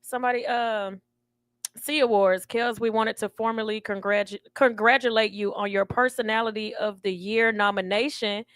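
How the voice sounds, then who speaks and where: A woman's voice: medium pitch, steady tone, normal speed, a bit bright, clear, resonant tone, dry recording, studio quality. A woman hosting a radio talk show, chatty and emotional, laughing often. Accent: Southern US. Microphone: studio microphone.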